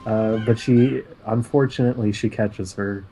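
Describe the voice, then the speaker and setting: A man co-hosting a casual podcast, recapping cartoon plots in a sarcastic, deadpan way. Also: lowish voice, moderate pace, soft background music, low-quality recording. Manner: sarcastic, deadpan recounting of plot. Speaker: podcast co-host.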